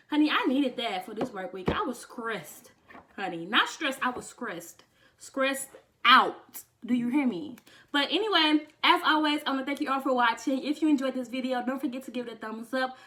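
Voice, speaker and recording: Talking to camera in a casual chat, this young woman beauty vlogger has a fairly high, sassy voice and an excitable, chatty manner. She says honey often and is so excited she's close to crying.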